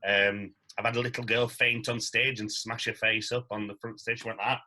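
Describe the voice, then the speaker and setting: Bright-voiced man telling stories. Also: fairly low pitch, a little fast, poor audio. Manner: animated storyteller, acts out quotes. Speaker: guest, stage actor. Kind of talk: casual anecdote-telling.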